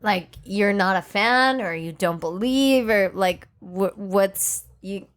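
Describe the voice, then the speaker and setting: A woman's voice: medium pitch, slow pace. A young woman hosting her own podcast in casual chat, playful and teasing with a sarcastic edge. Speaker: podcast host.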